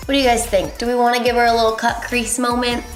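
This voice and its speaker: A woman's voice: on the high side, monotone, fast talker. A young woman making a casual makeup tutorial, chatty and rambling with lots of ums. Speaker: beauty vlogger. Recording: echoey room, faint music.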